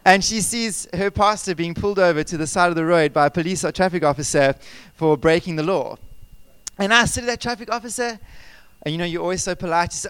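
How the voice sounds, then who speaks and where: A man preaching a sermon as pastor, animated and conversational, asking his congregation questions and telling personal stories. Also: a little high, fairly quick, clear, resonant tone, dry recording. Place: church service.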